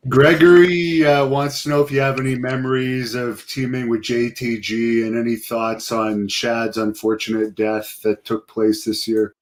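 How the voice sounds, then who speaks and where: Flat-voiced male host reading questions. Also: mid-range voice, measured pace, few pauses. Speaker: show host.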